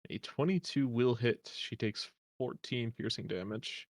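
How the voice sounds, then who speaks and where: A man running a tabletop game as game master, calling rolls and damage in a calm, matter-of-fact way. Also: mid-range voice, measured pace, no room sound, clean studio sound.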